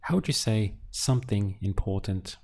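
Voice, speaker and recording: A man teaching a beginner language lesson, drilling words syllable by syllable with patient pauses. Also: lowish voice, mellow. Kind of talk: slow, deliberate language lesson.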